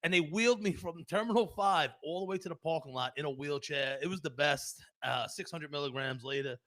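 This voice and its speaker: A man's voice: fairly high pitch, a little fast, pushed and bright. A man, hosting a podcast and telling rambling, profane stories with frequent laughs. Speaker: podcast host. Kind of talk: rambling casual storytelling.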